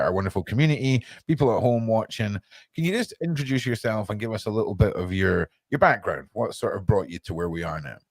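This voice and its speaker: A man's voice: lowish voice, no room sound. A man with a Scottish accent hosting a podcast interview in an easygoing, enthusiastic way. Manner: chatty, enthusiastic. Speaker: podcast host. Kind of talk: casual interview chat.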